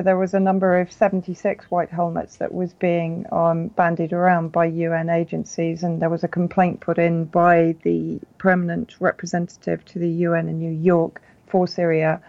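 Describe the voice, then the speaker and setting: A woman guest on an interview, explaining carefully with many pauses and fillers. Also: on the low side, vocal fry, a little mellow. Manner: measured, hesitant with many fillers. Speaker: guest journalist. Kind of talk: phone-in interview. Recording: muffled lo-fi line.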